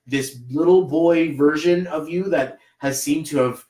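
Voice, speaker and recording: A man's voice: on the high side, unhurried, darkish tone, reverberant, rough recording. A man with a Canadian accent doing a live numerology reading, rambling and encouraging, with many fillers. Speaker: numerology reader. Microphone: livestream camera mic.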